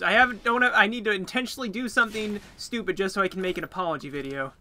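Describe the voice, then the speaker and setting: A man giving sarcastic, excitable commentary while playing a game, with music behind him. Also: high voice, very fast, few pauses. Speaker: gaming YouTuber. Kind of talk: joking gameplay commentary.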